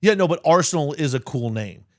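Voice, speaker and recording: A man trades jokes and mocking asides on a podcast, and his pitch swings widely as he talks. The sound is close and dry, with no room in it. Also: animated, a little fast, no room sound. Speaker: podcast co-host. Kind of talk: casual podcast banter.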